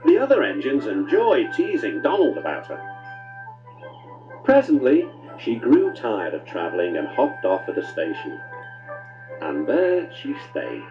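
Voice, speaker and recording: Guy reading a kids train story, voice all over the place pitch-wise, muffled, soft music. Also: unhurried, pauses often. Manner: warm, expressive storytelling with big pitch swings. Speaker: narrator. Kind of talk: storybook narration.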